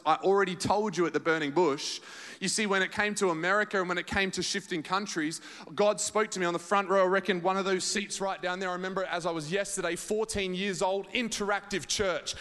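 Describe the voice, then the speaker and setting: A man preaching a sermon as pastor, animated storytelling to his congregation in a large auditorium. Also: high voice. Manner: animated storytelling preacher, acts out quoted voices. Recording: reverberant hall.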